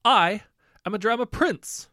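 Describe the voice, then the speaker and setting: Storybook prince, young, whiny, high and showy, as a male narrator puts him on, lively swings. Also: brisk, no echo, studio quality. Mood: melodramatic. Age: 20s.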